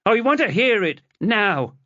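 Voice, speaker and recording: Male narrator doing a shrill, hysterical teen girl yelling, muffled lo-fi audiobook sound. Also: measured pace, dry recording. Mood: furious. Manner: shrill, hysterical shouting and sobbing. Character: furious screaming teenage girl.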